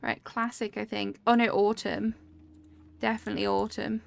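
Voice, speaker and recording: A woman's voice: medium pitch, little pitch movement, moderate pace, creaky. A young woman streaming a cozy game, chatting casually and reacting aloud to what happens on screen while answering her chat.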